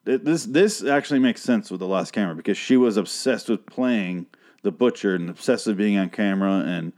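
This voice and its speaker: A man's voice: fairly low pitch, brisk, darkish tone. A man casually recapping a TV show on his podcast, profane and rambling, with a dry voice. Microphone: podcast microphone.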